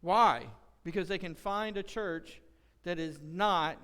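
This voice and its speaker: Impassioned high-voiced pastor in a hall. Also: male voice, takes it slowly, clear, resonant tone. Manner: impassioned preaching, rising loud when quoting. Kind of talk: sermon. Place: church sanctuary. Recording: long church hall reverb.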